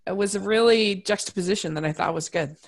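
A woman's voice: medium pitch, fast. A woman hosting a podcast who asks questions in a casual, hesitant way, with many "uh"s. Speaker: podcast host.

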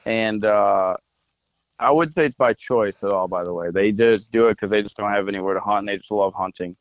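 On a podcast, a male co-host casually tells a long, rambling hunting story loaded with "like" and other fillers. His voice is fairly low and fairly quick, with no echo but the highs cut off.

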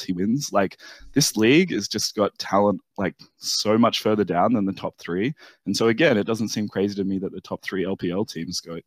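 Young man from Australia, low voice, dry sound, rambling caller, filler-heavy. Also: dry recording. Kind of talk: casual esports discussion.

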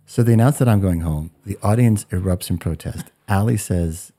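A man in his forties telling a story in a podcast interview, animated and acting out what people said. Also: deep voice, moderate pace. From United States. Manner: animated storyteller, acts out quotes. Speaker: guest.

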